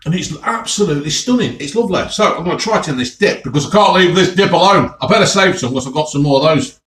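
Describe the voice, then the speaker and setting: A chatty English man with a Midlands accent, talking to his viewers in a lively, up-and-down voice that sits a touch high for a man. He sounds enthusiastic as he tastes his food, and the room around him is echoey. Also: fast talker. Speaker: food vlogger. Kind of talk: casual food tasting vlog.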